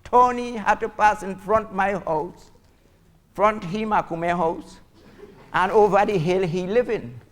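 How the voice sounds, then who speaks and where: A man's voice: high-pitched, slow. A man with a Trinidadian accent doing stand-up storytelling, chatty and teasing, laughing at his own jokes. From Trinidad and Tobago. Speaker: comedian. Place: school auditorium stage.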